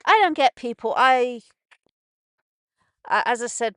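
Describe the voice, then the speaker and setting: Speaking slowly with long pauses, a woman with a slightly high, lively voice that's a bit bright, clear and resonant rambles through a casual morning radio show. She broadcasts from a narrowboat on a canal, restarting often and swearing when upset, her feelings amplified after a stroke. The audio is dry and clean, like a studio.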